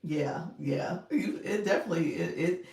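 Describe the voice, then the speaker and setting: A woman's voice: lowish voice, measured pace, a little mellow. A woman coaching on a casual livestream, thanking viewers by name and laughing often. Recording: echoey room, mic at a distance.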